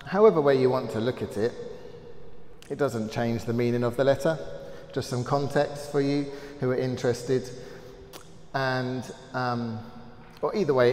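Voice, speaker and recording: A man with an English accent leading a Bible study, reading scripture aloud earnestly with frequent pauses and "um"s, recorded in a church hall. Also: medium pitch, darkish tone. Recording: roomy hall echo with faint ambience.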